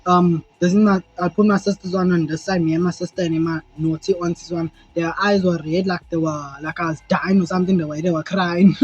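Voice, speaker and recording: A young South African man telling a rambling, animated story to camera, swearing freely and acting out moments as he goes. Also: sits high, a little fast, few pauses, husky. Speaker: vlogger. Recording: dull lo-fi sound with faint music.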